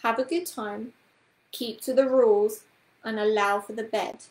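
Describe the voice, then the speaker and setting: A prim, bossy storybook witch, as a woman reads her, clipped and scolding. The voice sits fairly high and rings in a roomy, echoing room. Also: fairly even intonation, unhurried, darkish tone, natural voice. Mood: firm. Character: prim brisk middle-aged woman, an amateur witch.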